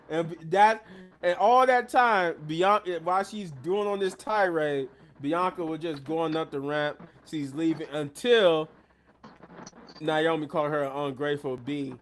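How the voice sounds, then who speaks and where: A man casually recapping a wrestling show, excitable and rambling, often laughing at the action. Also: fairly high pitch, a little slow, slight background noise. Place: at his workplace.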